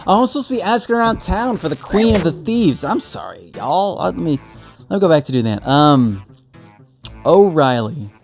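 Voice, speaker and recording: A man's voice: on the high side, big pitch swings, normal speed, faint music behind. A man giving casual, joking commentary while playing a game, rambling and laughing often. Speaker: gaming streamer.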